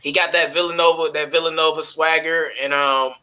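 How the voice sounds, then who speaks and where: Casting: excitable male podcast co-host, very bright voice, slightly high. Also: a little fast, poor audio. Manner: animated, excitable, laughs often. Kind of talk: casual sports talk.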